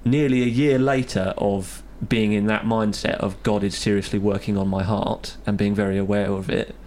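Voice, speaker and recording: A man's voice: fairly low pitch, fairly even intonation, normal speed, darkish tone, a little hiss or hum. A young man hosting a podcast, chatting easily about faith and often laughing. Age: young adult. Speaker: podcast host. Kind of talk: casual chat on faith.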